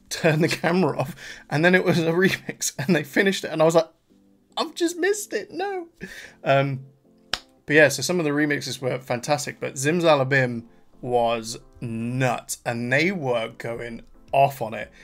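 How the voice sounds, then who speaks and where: A young man from England hosting a casual vlog review, chatty and animated, laughing often and trailing off into fillers. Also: mid-range voice, creaky. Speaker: reaction channel host.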